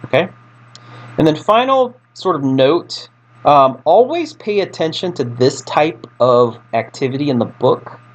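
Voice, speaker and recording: A man's voice: a little high, lively intonation, a little slow. A man teaching a recorded Spanish lesson, talking casually through his slides with fillers and restarts. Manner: casual, chatty, with fillers and self-corrections.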